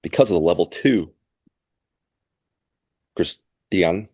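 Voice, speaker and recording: A man co-hosting a live trading show, giving steady market commentary. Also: low voice, slow pace, breathy edge, no room sound, studio quality.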